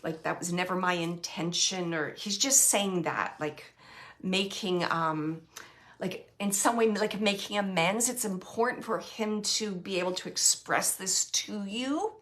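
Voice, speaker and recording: A woman giving a mediumship reading to a sitter, speaking softly and earnestly, with halting, hesitant phrasing and many fillers. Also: mid-range voice. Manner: soft-spoken, earnest, relaying messages. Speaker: psychic medium.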